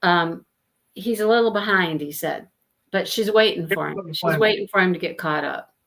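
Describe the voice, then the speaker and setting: A woman's voice: lowish voice, moderate pace, vocal fry, a bit bright. Woman hosting a book club livestream, chatty storyteller, laughs a lot, reads out comments. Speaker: host of a live book discussion. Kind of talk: casual chat on a livestream.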